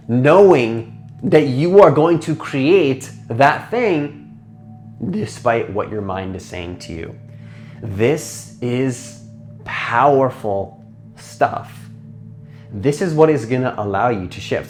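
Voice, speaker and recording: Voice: mid-range voice, a little mellow. A transformation coach giving a casual motivational talk, rambling with lots of "like", restarts and rhetorical questions to the listener.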